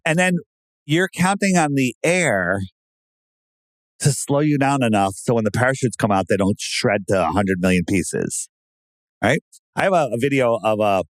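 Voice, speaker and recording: A man talking casually and sarcastically, who often breaks into loud mocking impressions of other people. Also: medium pitch, dry recording. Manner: animated, sarcastic, mimics voices loudly. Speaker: podcast guest. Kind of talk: casual conspiracy talk.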